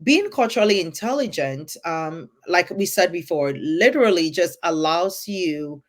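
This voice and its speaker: A woman's voice: fairly low pitch, animated, a little slow. A woman co-hosting a podcast, speaking earnestly and emphatically, often checking in with "right?". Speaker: podcast co-host. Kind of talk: earnest conversational podcast talk.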